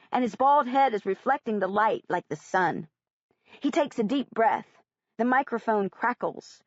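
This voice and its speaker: Reading a first-person audiobook, this woman keeps her storytelling plain and earnest. The sound is dry and close-miked with little room presence, a little muted in the upper frequencies.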